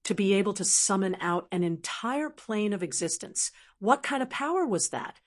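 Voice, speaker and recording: Even-toned woman narrating a fantasy novel. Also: medium pitch, moderate pace. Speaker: audiobook narrator. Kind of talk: scripted web-novel narration.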